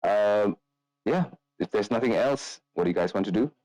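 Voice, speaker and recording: A man narrating as game master of a tabletop game, in a loose, relaxed way with many fillers. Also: lowish voice, normal speed, dry recording, dull audio.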